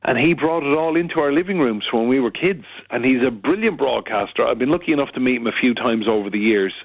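A middle-aged journalist telling a lively anecdote as a radio guest, acting out the quotes he tells. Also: medium pitch, quick pace, dry recording. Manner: lively storyteller, acts out quotes. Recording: tinny phone line.

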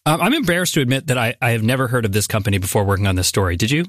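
A man's voice: mid-range voice, animated, very fast, no room sound, clean studio sound. A man hosting a podcast, telling a story conversationally with casual fillers. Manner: curious, conversational, frequent fillers. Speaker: podcast host. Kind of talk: scripted podcast storytelling with banter.

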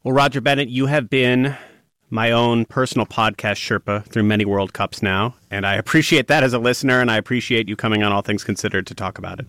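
A man's voice: medium pitch, fairly even intonation, fast talker, fairly bright tone, dry recording, studio quality. A man hosting a radio interview, asking questions in a conversational, appreciative way. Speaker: radio host.

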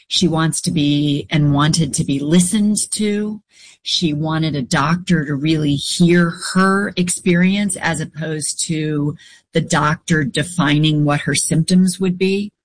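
A woman being interviewed, telling her story in a reflective, unhurried way. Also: deep voice. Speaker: guest.

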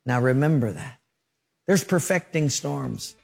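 A pastor delivers a sermon in a somewhat high man's voice. He tells vivid stories and acts out quick voices and sound effects to make his points.

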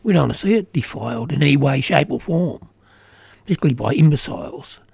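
A middle-aged Australian man with an Australian accent talks earnestly in casual conversation. His voice is gravelly and husky, with a mellow, dark tone. The sound is dry and close. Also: medium pitch, expressive, fast, no echo. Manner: earnest, emphatic, many "you know" fillers.

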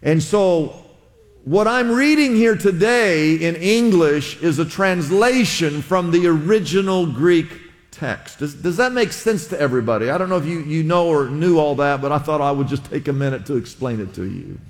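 A man's voice: a little high, lively intonation, normal speed. A man preaching a sermon as pastor, conversational, asking the congregation to repeat words after him. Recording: long hall reverb.

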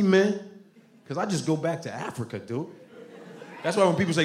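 Animated man doing stand-up. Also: on the high side, brisk, pauses often, a little hiss or hum. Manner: animated, profane, jumping into voices. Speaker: stand-up comedian. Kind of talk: stand-up routine. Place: comedy club stage. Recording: roomy club with loud audience.

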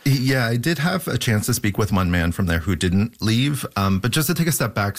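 Man, reporter, deep voice, measured radio delivery, some ums. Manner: measured, with frequent fillers. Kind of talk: radio news debrief.

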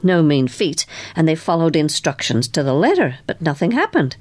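A woman's voice: low voice, very animated, moderate pace, a little mellow. A woman voicing a chatty male office worker who relishes passing on gossip. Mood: gossipy.

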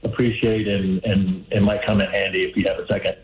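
An older man calling in to a radio show, giving heartfelt advice in an earnest way and slowing down to stress points. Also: low-pitched, little pitch movement. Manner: earnest, heartfelt, slows for emphasis. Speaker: caller. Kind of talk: phoned-in advice. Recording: dull lo-fi phone-in line.

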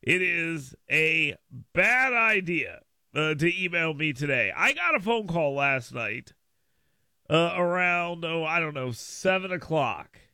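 A male radio host chatting casually on air, telling a story with lively jumps in pitch and loudness for emphasis. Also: slow pace, no room sound. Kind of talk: casual talk radio monologue. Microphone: studio microphone.

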